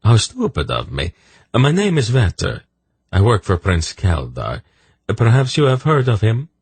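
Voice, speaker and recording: A man voicing a sly, smooth-talking little man in an audiobook. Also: fairly low pitch, wildly swooping pitch, a little slow, a little mellow, no echo, pitched above the performer's own voice, full character voice. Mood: ingratiating. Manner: glib and ingratiating.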